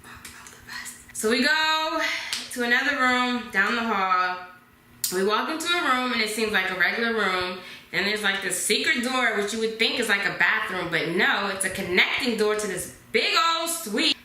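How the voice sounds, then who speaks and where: A woman in her twenties telling a dramatic storytime vlog, dropping to hushed whispers at times. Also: on the high side, animated, normal speed, slight background noise. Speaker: vlogger. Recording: echoey room.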